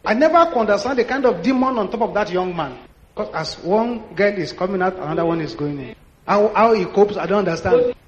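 A Nigerian pastor in his sixties preaches in a high voice, telling stories with lively, acted-out dialogue. His voice echoes around a large hall, and the recording is dull and lo-fi with faint noise behind it. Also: fairly quick. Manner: animated, acts out dialogue. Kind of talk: sermon storytelling.

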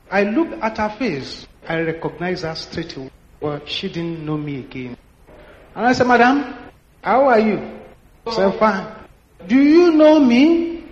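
A Nigerian pastor in his sixties preaches in a high voice, telling stories with lively, acted-out dialogue. His voice echoes around a large hall, and the recording is dull and lo-fi with faint noise behind it. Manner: animated, acts out dialogue. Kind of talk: sermon storytelling.

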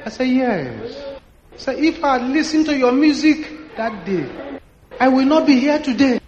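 High-voiced Nigerian pastor preaching. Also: male voice, moderate pace. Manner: animated, acts out dialogue. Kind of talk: sermon storytelling. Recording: echoey hall, dull lo-fi sound.

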